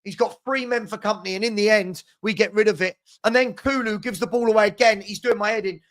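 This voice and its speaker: A man with a high, fast, fairly bright voice hosts a live fan watchalong. He gives partisan running commentary on the match and grows exasperated at his own side's mistakes.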